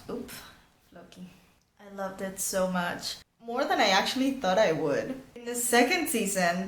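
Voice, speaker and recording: A woman's voice: medium pitch, echoey room. A young Venezuelan woman with a Venezuelan accent, chatting casually in a vlog about a show she just finished. She talks emphatically and swears, though a sore bitten lip makes her speech a little awkward. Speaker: vlogger.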